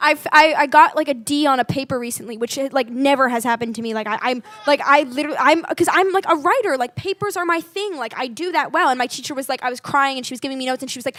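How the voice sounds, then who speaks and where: A woman's voice: sits high, quick pace, a bit bright, no room sound. A teenage girl on a panel, chatty and full of "like". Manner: chatty, lots of filler likes. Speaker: young panelist. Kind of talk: panel discussion.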